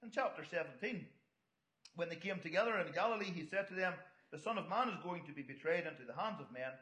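A middle-aged preacher delivers a chatty sermon in a hall with lots of echo, dropping storytelling asides to his congregation. He talks fast, with a fairly high, sharp, expressive voice.

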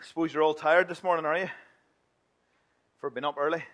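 A man's voice: fairly high pitch, fairly even intonation, brisk, fairly bright tone. Playful male minister. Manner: playful and chatty, mimicking whiny children. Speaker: minister leading a children's talk. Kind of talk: lively church children's talk.

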